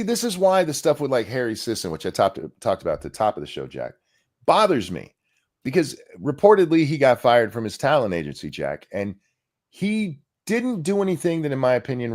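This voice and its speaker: A man's voice: mid-range voice, wildly swooping pitch, normal speed, a little mellow. A middle-aged man co-hosting a casual podcast chat, ranting with strong opinions. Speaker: co-host.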